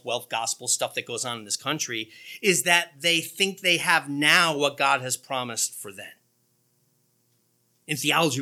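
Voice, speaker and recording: A man preaching a sermon to a church congregation, animated and leaning into sarcastic emphasis, with quick asides to the crowd. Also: a little high.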